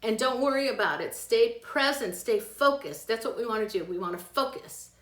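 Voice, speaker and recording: Woman in her fifties, psychic live-stream chat, animated and laughing, roomy echo. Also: a little high, moderate pace. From American Midwest. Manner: chatty, animated, laughs often. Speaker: psychic doing live tarot readings.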